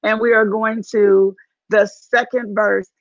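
A woman's voice: mid-range voice, little pitch movement, slow pace, dry recording, dull audio. A woman with a Southern accent leading a live-streamed devotional, preaching fervently and repeating phrases for emphasis. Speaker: women's ministry leader hosting a live stream.

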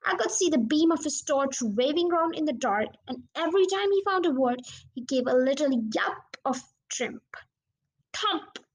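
A woman narrating a children's storybook as an audiobook reader, in a steady, plain reading manner. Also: sits high, normal speed.

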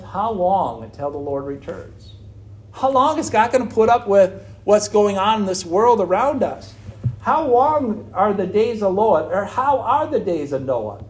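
A man preaching an earnest sermon on struggling faith, full of rhetorical questions. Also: high-pitched. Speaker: pastor.

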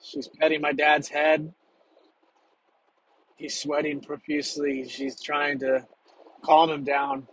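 Slow, halting male storyteller. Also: a little high, monotone, fairly bright tone, slight background noise, poor audio. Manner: halting, measured, with pauses.

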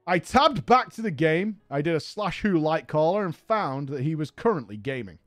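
A man's voice: fairly high pitch, big pitch swings, moderate pace, fairly bright tone, no echo, soft background music. A man hosting a podcast who reads a story aloud and breaks off into profane, laughing comic asides. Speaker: podcast host reading a story. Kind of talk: comedic story reading with commentary.

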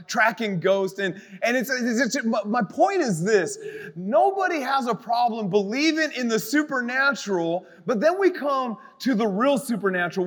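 A man preaching a live youth sermon, animated and conversational, full of asides, to an audience in a church. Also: high voice, long reverb tail. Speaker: youth pastor.

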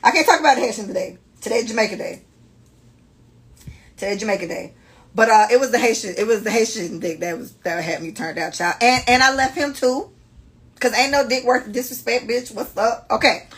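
A woman in her twenties hosting a podcast, telling stories in a blunt, profane, animated way. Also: on the high side, brisk, rough recording. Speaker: podcast host. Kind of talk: casual storytelling chat.

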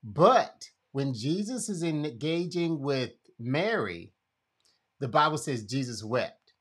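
A man's voice: fairly high pitch, expressive, slow pace, fairly bright tone, breathy edge. A man hosting a casual conversation, retelling a Bible story expressively and acting out quotes. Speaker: podcast host.

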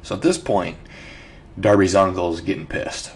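A man hosting a book club podcast, talking casually and throwing out animated, incredulous rhetorical questions. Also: deep voice, moderate pace, gravelly. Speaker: host.

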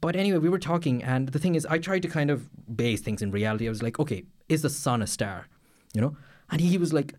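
A man's voice: on the high side, animated, quick pace, a little mellow. Guy rambling on a faith podcast, lots of uhs and restarts. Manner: rambling, many fillers and restarts. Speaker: podcast co-host. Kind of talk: casual faith discussion.

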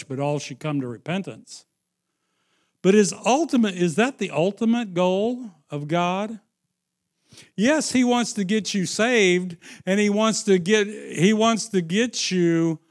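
A man preaching a sermon, slow and emphatic, dropping into hushed storytelling and rising again for emphasis. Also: high-pitched. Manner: slow, emphatic, swings into sung and shouted phrases.

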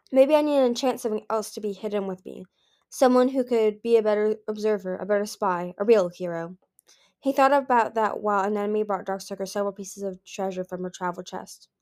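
A woman's voice: medium pitch, a little mellow. A woman reading a fantasy novel aloud, with occasional slips and self-corrections. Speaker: reader. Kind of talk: audiobook reading.

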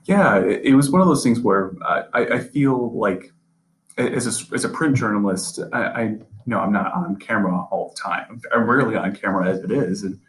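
Earnest young man with a low voice. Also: lively intonation, fairly quick, poor audio. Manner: earnest, repeats and restarts words. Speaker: sports reporter, podcast guest. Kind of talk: casual interview conversation.

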